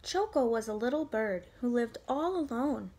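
A woman's voice: on the high side, lively intonation, moderate pace, darkish tone, a little hiss or hum. Sing-song woman teacher reading aloud. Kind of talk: reading a picture book aloud to children.

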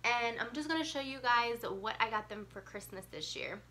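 A young woman with a bright, crisp-edged voice chats to her viewers, her nose a little stuffed from a cold and her breath running short. She rambles casually, dotting her talk with um and like, over a faint hiss of background noise. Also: on the high side, animated, normal speed. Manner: chatty, lots of ums and likes. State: congested, getting over a cold. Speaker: mom vlogger. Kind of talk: casual chat to camera.

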